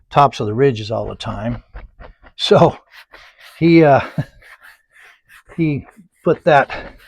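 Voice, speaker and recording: A man teaching oil painting, rambling through folksy anecdotes and muttering softly to himself while he paints. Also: medium pitch, slightly rough, dry recording. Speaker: painting instructor. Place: painting studio.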